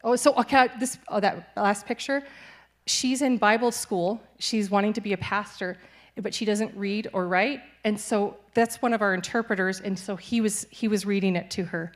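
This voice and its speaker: A woman's voice: medium pitch, steady tone, moderate pace. A young adult woman, a missionary, giving a cheerful church testimony and laughing easily through hard news. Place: church sanctuary.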